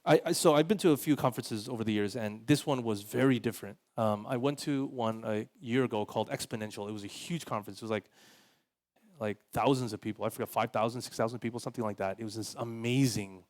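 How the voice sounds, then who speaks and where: A male pastor delivers his sermon like a casual chat. His voice sits at a middle pitch, and his talk is full of filler words. He livens up whenever he acts out the people he quotes. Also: fast, darkish tone. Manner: casual, conversational, heavy use of "like" fillers.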